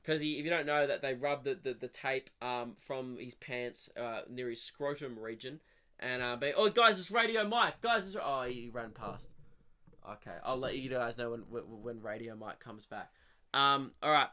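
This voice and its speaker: A young man riffs through a rambling comic monologue for his podcast. He swears freely, swings from animated rants to low muttered asides, and his voice sits slightly high with a bright, forceful edge. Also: a little slow. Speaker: comedian podcast host.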